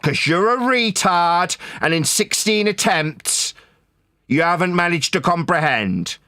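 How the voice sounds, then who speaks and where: A man in a heated online debate, angrily mocking and shouting insults, repeating the same point. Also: sits high, animated, unhurried, clean tone, no room sound, studio quality. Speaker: debate caller.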